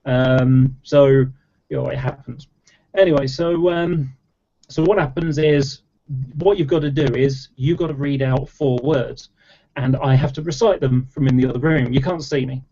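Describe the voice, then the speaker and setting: A man's voice: mid-range voice, steady tone, normal speed, mellow. A man explaining at length in casual chat, rambling with lots of fillers and restarts. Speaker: debater in an online chat. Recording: dull lo-fi audio.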